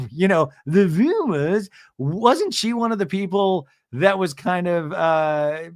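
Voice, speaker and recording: A man's voice: on the high side, fairly bright tone, dry recording, clean studio sound. A man hosting a comedic TV recap podcast, rambling and sarcastic. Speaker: podcast host.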